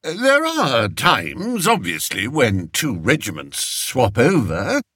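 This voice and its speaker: A man voicing a scheming, smooth-talking courtier with an unctuous, measured manner, in an audiobook. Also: mid-range voice, huge pitch swings, fairly bright tone, dry recording, clean studio sound, voice pushed up, full character voice. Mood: oily. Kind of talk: audiobook character voice.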